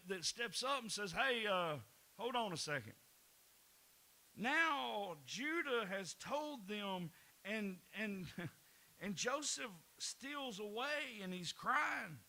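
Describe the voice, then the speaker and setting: High, lively preacher man. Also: takes it slowly, poor audio. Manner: folksy preaching with laughs and repeated words. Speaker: pastor. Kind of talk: sermon.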